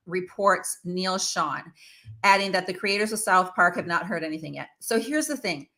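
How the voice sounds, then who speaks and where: A woman's voice: lowish voice, lively intonation, normal speed, sharp tone. A woman hosting her own show, giving casual, opinionated commentary on celebrity news with lots of fillers and asides. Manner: chatty and opinionated, with many fillers. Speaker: host.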